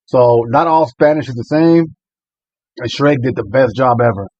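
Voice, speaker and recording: A man's voice: medium pitch, normal speed, a little mellow, dull audio. A man hosting a reaction video, chatting casually and rambling about what he watches. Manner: chatty, rambling, laughs a lot. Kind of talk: casual commentary.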